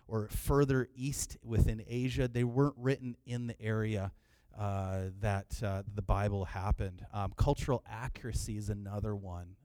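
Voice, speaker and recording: A middle-aged man preaching a sermon in a relaxed, conversational way, often restarting his phrases. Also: mid-range voice, no room sound. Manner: conversational, repeats words when restarting. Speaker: pastor.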